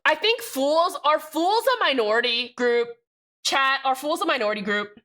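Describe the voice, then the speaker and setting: A young woman streaming live, chatting with viewers in a loud, excitable, jokey and rambling way. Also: high-pitched, normal speed. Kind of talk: casual live-stream chat.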